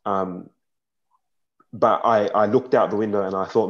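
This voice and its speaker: A young man talks frankly and earnestly at a panel, his voice sitting fairly low. His speech halts now and then as emotion comes through. The recording sounds dull and lo-fi. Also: fairly even intonation, a little slow, long pauses. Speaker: panel speaker. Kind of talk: personal testimony at a panel talk.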